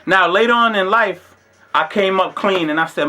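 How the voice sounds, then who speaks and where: A man telling a comedic story casually on his vlog. He talks in a slangy, animated way, swears freely and bursts into shouts when he acts out scenes. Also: high voice, moderate pace. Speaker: vlogger.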